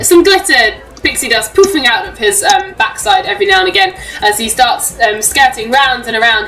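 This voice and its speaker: A woman narrating as game master, giggling often and filling pauses with ums. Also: sharp tone, recorded from a distance, poor audio. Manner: giggly, lots of ums, puts on shrill crowd voices.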